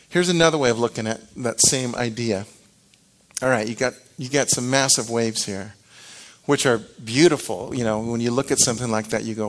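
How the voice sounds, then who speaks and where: A middle-aged man delivering a lively sermon, his pitch sitting in an ordinary middle range. He acts out the reactions of the people he describes and often repeats the start of a phrase before carrying on. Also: a little fast. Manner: animated, acts out quoted reactions, frequent restarts. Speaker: preacher.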